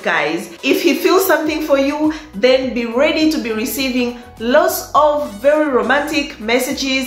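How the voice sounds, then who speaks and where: A chatty woman with a high voice talks unhurriedly through dating advice for her viewers, often breaking into laughter and repeating words for emphasis. She sounds like she's in an echoey room with faint music in the background. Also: a little slow. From Africa. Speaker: vlogger giving dating advice. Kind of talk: casual advice monologue to viewers. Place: in Italy, in a room with echo.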